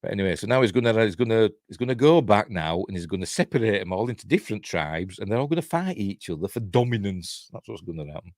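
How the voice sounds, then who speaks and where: A man with a Yorkshire accent talks through a film in a casual, rambling review full of chuckling asides. His voice sits on the low side. The recording is close and dry. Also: lively intonation, quick pace, few pauses, darkish tone, no room sound.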